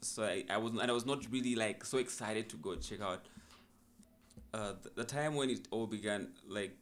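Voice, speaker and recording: A man's voice: on the low side, normal speed, slight background noise. A young man, a musician, telling his story in a casual podcast interview in a laid-back, reflective way. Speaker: musician guest.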